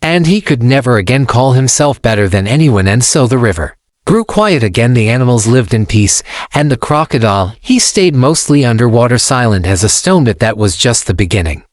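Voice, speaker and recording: A male storyteller reading a folktale in simple, even storytelling. His voice sits at a middle pitch. The recording is dry and close with no room sound. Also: fairly quick, no room sound. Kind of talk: scripted folktale narration.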